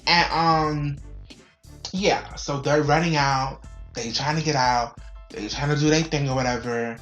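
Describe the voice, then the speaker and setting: Low-voiced woman reviewing casually. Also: takes it slowly, reverberant, soft background music. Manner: chatty, blunt, swears freely. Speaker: show reviewer.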